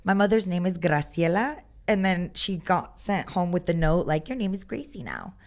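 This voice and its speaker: A woman tells her stories in a lively, casual way, peppering them with "like" and playing out quoted voices. Her voice sits a little low for a woman. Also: normal speed. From Texas. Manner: animated storyteller, lots of "like", acts out quotes. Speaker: guest musician. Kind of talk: casual chat.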